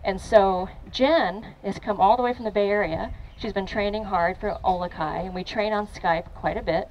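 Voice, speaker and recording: An upbeat woman trainer leads a live demo in front of a crowd, mixing instructions with frequent laughs. Her pitch sits in the middle of the usual range. Faint background noise runs under her voice. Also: steady tone, normal speed, lo-fi sound. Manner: upbeat, encouraging, laughs often. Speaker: fitness trainer. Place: outdoor event with a crowd.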